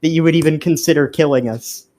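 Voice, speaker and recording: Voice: mid-range voice, quick pace, dark tone, close to an everyday voice. A player voicing a mouthy winged reploid in a tabletop game, argumentative and stammering. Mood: defiant.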